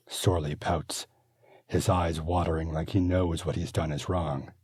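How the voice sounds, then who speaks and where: A man narrating his own fantasy audiobook in a steady, measured manner. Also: low voice, husky, no room sound, clean studio sound. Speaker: author and narrator.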